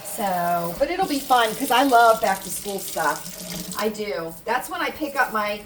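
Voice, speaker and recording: Slow, chatty American woman at home. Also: mid-range voice. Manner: chatty, animated storytelling with repetitions. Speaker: vlogger. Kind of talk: casual chat to camera. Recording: distant mic with faint room noise.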